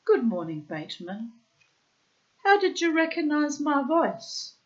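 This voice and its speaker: A woman reading aloud and voicing a poised, composed young society woman, lifting her voice higher for the part. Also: very animated, unhurried, muffled recording. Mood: cool, polite.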